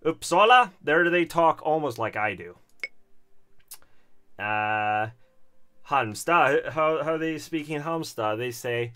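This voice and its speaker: A Swedish-accented man streams and chats, his pitch bouncing about while he talks at an unhurried pace. His voice sounds bright, and he rambles hesitantly, chuckling now and then. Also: expressive, clean tone. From Stockholm, Sweden. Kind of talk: casual livestream commentary.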